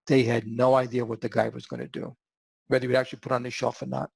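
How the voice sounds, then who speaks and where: A man hosting a podcast and telling a story in an animated way, acting out the quotes. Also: medium pitch, quick pace, vocal fry, breathy edge, no echo. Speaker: podcast host.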